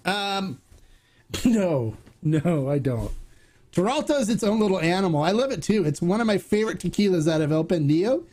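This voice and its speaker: Chatty high-voiced man hosting a Q&A. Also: lively intonation, moderate pace, darkish tone. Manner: rambling, chatty, with restarts and acted-out dialogue. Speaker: host. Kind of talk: casual Q&A livestream.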